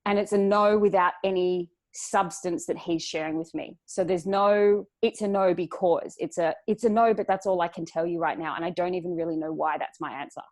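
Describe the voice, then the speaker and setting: A woman's voice: fairly low pitch, fairly even intonation, brisk, few pauses, darkish tone. A woman guest on a podcast, talking earnestly and reflectively with frequent restarts. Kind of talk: casual chat.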